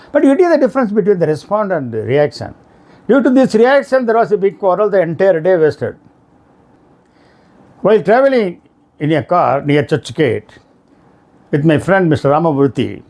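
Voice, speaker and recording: A middle-aged man with an Indian English accent giving a motivational lecture, telling stories and acting out the quoted shouts. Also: a little high. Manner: animated storytelling, acts out quoted shouts. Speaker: speaker on emotional intelligence.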